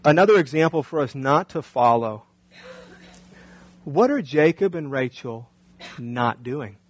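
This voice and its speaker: A man's voice: medium pitch, animated, measured pace, low-quality recording. A male pastor preaching a sermon in a conversational way, often asking the congregation rhetorical questions.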